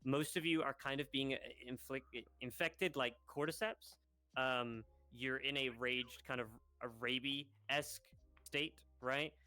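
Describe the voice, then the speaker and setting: A man's voice: medium pitch, steady tone, unhurried, pushed and bright, no room sound. A man organizing a role-play event, briefing the group in a loose, rambling way with lots of filler words over voice chat. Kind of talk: casual instructions to a group.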